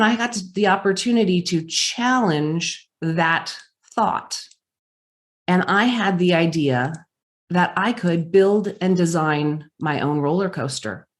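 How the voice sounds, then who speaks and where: Woman telling a dramatic keynote story. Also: sits low. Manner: dramatic, slow emphatic phrasing with pauses. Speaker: keynote speaker, business consultant.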